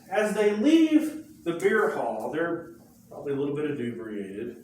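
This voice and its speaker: Male history teacher, animated storyteller, a bit high-voiced, heard from across an echoey classroom. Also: a little hiss or hum. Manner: lively storytelling with rhetorical questions and asides. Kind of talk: classroom lecture. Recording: very echoey room, mic far off.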